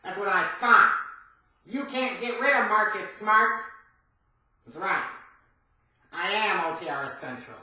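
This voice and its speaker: A man's voice: high-pitched, animated, measured pace, pauses often, sharp tone, voice pushed down, full character voice. A man doing a swaggering fired employee making threats. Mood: smug. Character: cocky fired male employee holding a cat hostage. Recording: roomy, echoey, distant from the mic.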